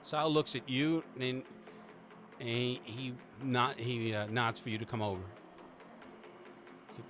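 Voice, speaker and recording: A man's voice: medium pitch, fairly even intonation, takes it slowly, long pauses, noisy background. A man narrating as game master, rambling with lots of restarts and casual swearing.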